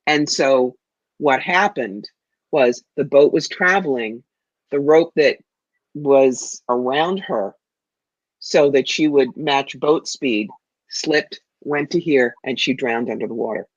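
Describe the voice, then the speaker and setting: A woman's voice: extremely low pitch, takes it slowly, no echo, muffled recording. A woman giving psychic readings to viewers in a confident, familiar way, calling people darling. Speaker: psychic medium guest.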